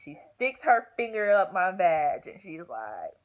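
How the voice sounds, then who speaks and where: Through tinny, phone-like audio with a faint hiss, a young woman vlogger tells a story casually. Her lowish voice is very animated and unhurried, with hardly any pauses, and she acts out the quotes using groans and whispers.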